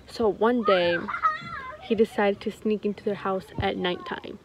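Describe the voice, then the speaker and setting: Young woman, playful halting storyteller, lo-fi recording, faint hum. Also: medium pitch, fairly even intonation. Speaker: co-host telling a story. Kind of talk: improvised storytelling chat.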